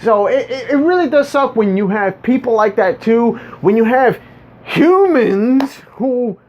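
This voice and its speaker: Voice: mid-range voice, animated, a little slow, darkish tone. A vlogger ranting casually to viewers, rambling and stumbling over repeated words with a sarcastic edge. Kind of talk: casual monologue rant. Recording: dull lo-fi recording.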